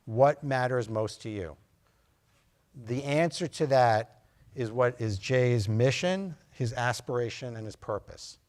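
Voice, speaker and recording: A man's voice: medium pitch, unhurried, a little mellow. A physician giving a conversational lecture to nurse practitioners, loose and anecdotal, acting out his talks with patients. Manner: loose and anecdotal, full of fillers, acts out patient dialogue.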